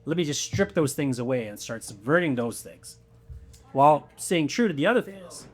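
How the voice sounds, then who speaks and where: A man's voice: on the high side, expressive, moderate pace, faint music behind. A man speaking as a writer on a live convention panel, earnest and explanatory, restarting words as he thinks. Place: convention panel room before an audience.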